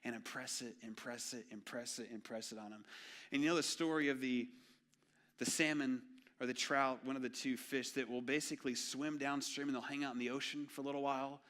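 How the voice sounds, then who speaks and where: Young male pastor, bright and forceful tone, animated storyteller who drops to near-hush for solemn points. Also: mid-range voice, brisk. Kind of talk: sermon. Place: church sanctuary.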